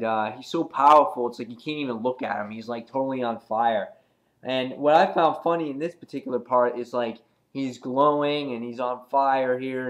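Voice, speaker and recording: A man giving a casual comic book review, chatty and rambling with many ums and uhs. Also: medium pitch.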